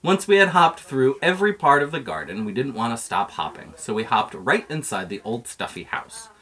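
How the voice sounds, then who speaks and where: A man's voice: medium pitch, big pitch swings, moderate pace, a bit bright, husky. A man reading a children's picture book aloud in a playful storytelling manner. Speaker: reader.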